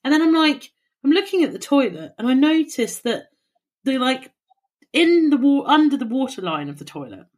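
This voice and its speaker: A woman's voice: high voice, big pitch swings, moderate pace, darkish tone. A woman, co-hosting a podcast, telling a long story in casual chat and swearing freely. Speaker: podcast co-host.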